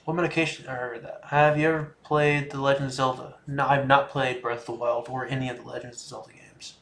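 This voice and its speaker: A man's voice: medium pitch, flat delivery, fairly quick, vocal fry, fairly bright tone, slight background noise. Laid-back young man in an echoey room. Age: 20s. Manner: laid-back, chatty, laughs often, trails off. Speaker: livestream host. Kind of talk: casual livestream chat, reading viewer questions. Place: room in a home.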